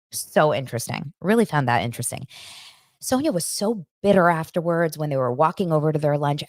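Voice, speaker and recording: Woman host, gossipy casual chat; low voice with lively swings, dry close sound. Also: no room sound. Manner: chatty, animated, heavy use of "like" and restarts. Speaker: podcast host.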